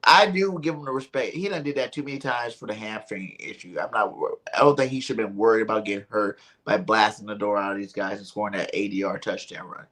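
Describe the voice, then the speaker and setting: A man's voice: lowish voice, fast, few pauses. A man co-hosting a sports podcast in casual chat, talking animatedly and acting out what others said. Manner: animated, acts out quotes in voices. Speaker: podcast co-host.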